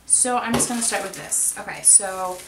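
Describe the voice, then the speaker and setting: A woman's voice: mid-range voice, moderate pace. Gushing woman vlogger, roomy and distant. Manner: gushing, breathless exclamations. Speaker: beauty vlogger. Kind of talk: excited unboxing vlog. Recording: roomy, distant mic with background noise.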